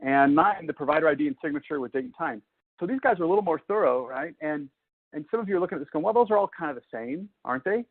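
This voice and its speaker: Male presenter, conversational lecturer, husky tone, tinny phone-quality audio. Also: fairly high pitch, lively intonation, fast. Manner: conversational, explains step by step with fillers. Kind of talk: webinar lecture.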